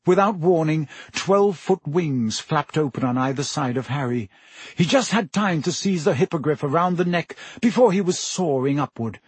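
Husky man reading an audiobook. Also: on the high side, moderate pace, no echo. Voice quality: expressive storytelling delivery. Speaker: audiobook narrator.

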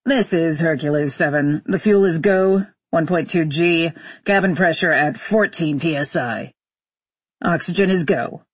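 A woman voicing a calm male astronaut giving short, matter-of-fact reports from a rocket. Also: sits low, measured pace, breathy edge, no room sound. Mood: clipped.

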